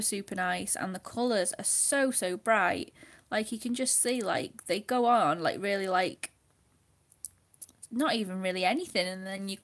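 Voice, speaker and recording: A woman's voice: mid-range voice, fairly bright tone. A woman chatting casually while she colours, laughing often and dropping to a near whisper when she concentrates. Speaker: craft livestream host.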